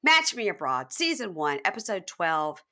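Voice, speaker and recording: A woman's voice: lowish voice, big pitch swings, normal speed, pushed and bright. A middle-aged woman hosting a podcast, chatting casually and laughing often as she recaps a show. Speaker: podcast host.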